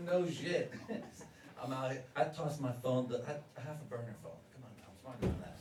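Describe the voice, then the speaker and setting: A man's voice: medium pitch, lively intonation, measured pace, darkish tone. A man doing a stand-up set at an open mic. He is crude and profane and keeps laughing at his own jokes. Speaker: stand-up comedian. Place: live comedy venue with an audience. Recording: roomy live venue, distant, crowd noise.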